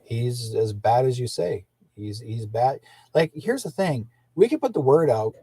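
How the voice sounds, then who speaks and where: An older man with a husky voice rambles indignantly through his livestream, repeating himself and restarting sentences. His voice is recorded close and dry. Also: medium pitch, expressive, measured pace, dark tone, no room sound. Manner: indignant, repetitive, restarts often. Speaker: livestream host.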